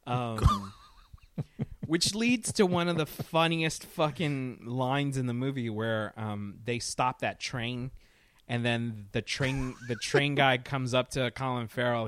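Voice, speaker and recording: A man's voice: mid-range voice, smooth, no echo. A man talking casually about a film, rambling and swearing, and often breaking into laughter.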